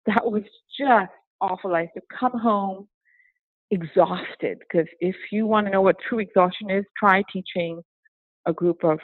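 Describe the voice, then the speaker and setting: Woman guest from Singapore, hybrid accent with a touch of British, lively and chatty, dry tinny phone-like sound. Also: medium pitch, a little slow, no room sound. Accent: hybrid with a hint of British. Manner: animated, laughs often, breaks into acted quotes. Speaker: interview guest, former teacher. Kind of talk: casual interview conversation.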